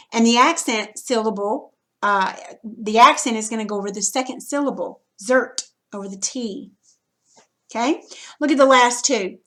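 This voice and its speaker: Woman teacher, slightly high voice, patient step-by-step reading lesson delivery. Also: pushed and bright. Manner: patient, step-by-step explaining with frequent "okay".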